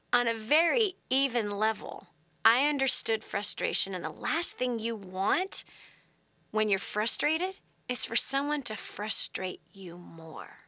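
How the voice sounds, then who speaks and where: Woman host in her forties, high and bright, dry close sound; animated storyteller who drops to whispers. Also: dry recording. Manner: animated storyteller, dramatic swings to hushed whispers. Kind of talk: call-in advice talk.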